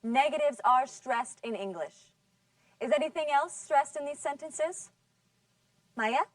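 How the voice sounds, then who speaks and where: Brief: woman teacher, fairly high voice, patient drill delivery, dry sound from off-mic. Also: no echo, far from the mic. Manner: patient, drawn-out model words. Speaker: English teacher. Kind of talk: scripted classroom lesson.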